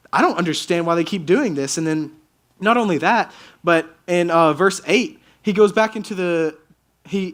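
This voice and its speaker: A young man with a notably high voice delivers a relaxed youth sermon. He tells the story in an animated, joking way, slipping into slang and quick character voices. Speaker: youth speaker.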